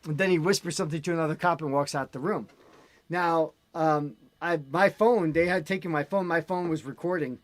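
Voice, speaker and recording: A man holds forth in an animated, ranting way while he chats as host. His voice sits a little high, and the sound is close and dry, with no room around it. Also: brisk, no echo. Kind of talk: casual chat.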